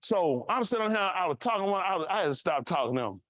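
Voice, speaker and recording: Animated man telling stories in a sermon. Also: high-pitched, fast talker, dry recording. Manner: animated, acts out voices in his stories. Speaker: pastor. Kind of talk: casual storytelling sermon.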